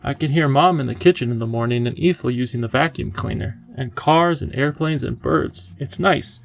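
A man's voice: mid-range voice, moderate pace, gravelly, natural voice. A man voicing a dreamy young boy who talks in an earnest, chatty way.

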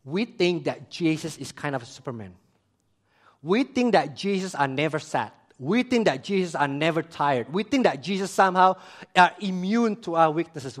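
High-voiced emphatic male preacher. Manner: emphatic, swings between loud high emphasis and quiet low asides; repeats phrases for emphasis, asks the audience questions. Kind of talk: sermon.

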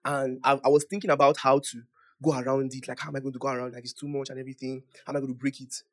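A young man preaching with real conviction. His voice sits at an ordinary middle pitch but jumps up and gets louder on the big declarations, then drops into quiet, chatty asides. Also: rapid-fire. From Nigeria. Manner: emphatic, animated, swings from loud declarations to soft asides. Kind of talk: sermon.

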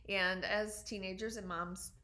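A woman in her forties, a doctor, telling a personal story in an earnest, reflective way with frequent pauses and ums. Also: medium pitch, steady tone, bright, forceful tone.

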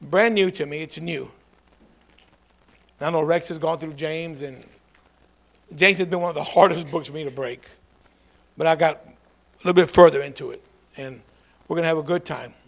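A man preaching a lively call-and-response sermon, swinging from low asides to shouted calls for a response. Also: moderate pace, vocal fry, long pauses.

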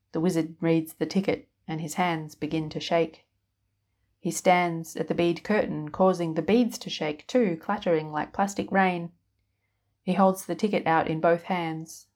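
Woman reading a story out loud, kinda low voice, even and wry. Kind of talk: scripted narration.

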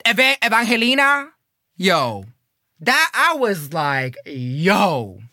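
Guy ranting a wild story, swears a lot, voice jumps all over, bright and close, dry room. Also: high voice, dry recording. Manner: animated, profane, fast bursts and dramatic pauses. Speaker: coding program student telling a story. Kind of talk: casual storytelling.

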